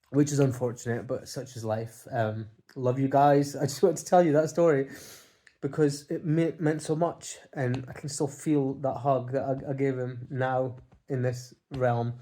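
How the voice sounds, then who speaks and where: A man talking to camera from home in a halting, heartfelt monologue. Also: medium pitch, dark tone. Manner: halting, heartfelt, many restarts and fillers. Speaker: vlogger. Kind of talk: casual emotional monologue. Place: home, by a window.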